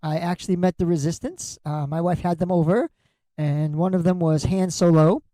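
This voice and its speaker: A man's voice: a little high, fairly even intonation, moderate pace, mellow, dry recording, rough recording. A middle-aged man hosting a podcast, telling comic stories in a crude, joking way and swearing freely as he acts out what people said. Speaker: podcast host. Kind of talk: comedic storytelling monologue.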